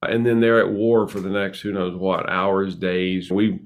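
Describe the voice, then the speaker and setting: A middle-aged man hosting a relationship podcast, talking in an emphatic, animated storytelling way. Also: low-pitched, a little slow. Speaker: podcast host. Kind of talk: casual relationship podcast chat.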